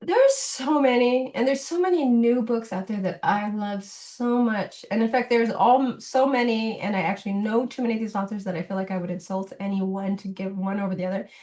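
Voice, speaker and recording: A woman's voice: medium pitch, fairly quick, hardly any pauses. A middle-aged woman, a children's book illustrator, chatting as a guest in an interview and telling stories with lots of laughter. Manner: animated storyteller, laughs often. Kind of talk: casual interview chat.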